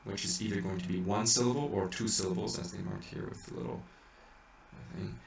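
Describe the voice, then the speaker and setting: A chant teacher with a lowish, brisk voice, fairly even intonation and vocal fry explains how to point a chant in an informal music lesson. He thinks aloud, restarts often, and sings short examples. The mic is distant in an echoey room with faint hiss.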